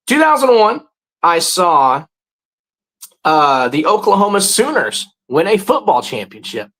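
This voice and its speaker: Animated man chatting on a livestream. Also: rough recording. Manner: animated, greets chatters with loud high bursts. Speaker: livestream host. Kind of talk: casual livestream chat with viewers.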